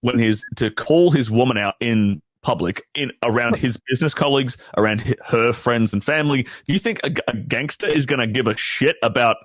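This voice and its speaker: Regular-pitched guy, frank and sweary, dry sound. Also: brisk, few pauses, a bit bright, dry recording. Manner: frank, profane, hedging with fillers. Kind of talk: casual chat.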